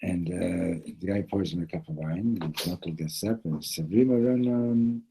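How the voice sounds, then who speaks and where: A man teaching a Torah class, an animated storyteller who acts out the characters' voices. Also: sits low, normal speed, gravelly, husky, poor audio.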